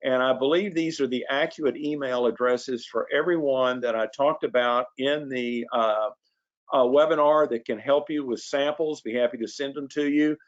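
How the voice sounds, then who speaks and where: A man's voice: medium pitch, moderate pace, lo-fi sound. A man hosting a sales webinar, talking in a folksy, chatty way with fillers and restarts. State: coughing. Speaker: webinar host. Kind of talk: casual sales webinar talk.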